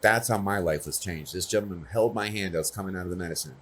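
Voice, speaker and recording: Speaking fast in a low-pitched voice, a man delivers a conversational conference talk. He's earnest and personal, frequently checking in with his listeners.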